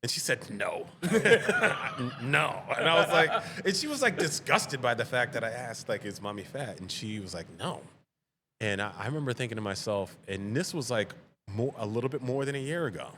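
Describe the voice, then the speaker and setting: A man, a veteran and father, guesting on a casual podcast and telling animated stories that act out family dialogue, laughing often. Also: mid-range voice, brisk, background noise.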